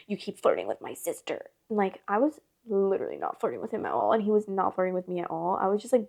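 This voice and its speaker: A woman's voice: mid-range voice, vocal fry, dark tone. A woman hosting a casual storytime, rambling and filling her talk with constant "like". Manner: rambling, filler-heavy with constant "like". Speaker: storytime host.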